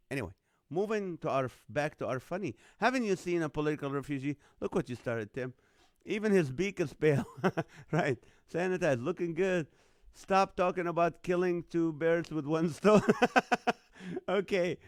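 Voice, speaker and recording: A man's voice: clear, resonant tone, no echo, clean studio sound. Laughing live-show host man. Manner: chuckles often, breaks into laughter at comments; drops quiet and low when serious, lifts loud for jokes. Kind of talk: casual live-stream chat reading viewer comments.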